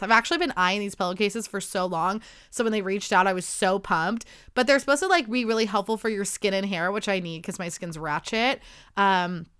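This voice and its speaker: A woman's voice: mid-range voice, sharp tone, clean tone. A woman in her twenties hosting a casual solo podcast, bubbly and chatty, saying "like" a lot. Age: 20s. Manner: bubbly, chatty, says "like" often. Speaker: podcast host.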